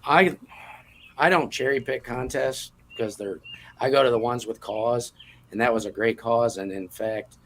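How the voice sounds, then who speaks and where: A man's voice: mid-range voice, measured pace, fairly bright tone, slight background noise. A man from the New York area, a competition cook, speaking earnestly as a guest in a casual interview.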